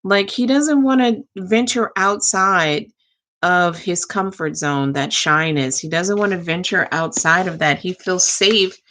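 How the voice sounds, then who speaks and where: A woman giving a casual tarot reading, talking slowly to her cards and thanking the angels. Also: fairly low pitch, sharp tone. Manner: slow, drawn-out, talks to the cards and angels. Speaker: tarot reader.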